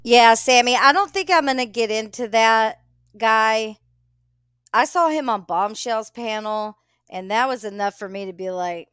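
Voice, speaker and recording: A woman's voice: fairly high pitch, a little slow, fairly bright tone, clean tone, no echo, studio quality. A woman host giving blunt, opinionated commentary on clips.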